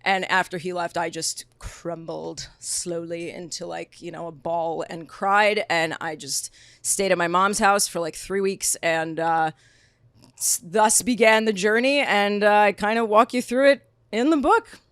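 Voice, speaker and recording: A young woman, a podcast guest, telling a personal story in casual chat, animated and acting out quotes with lots of fillers. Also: on the low side, unhurried, clear, resonant tone, no room sound, clean studio sound. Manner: animated storyteller, acts out quotes, many likes.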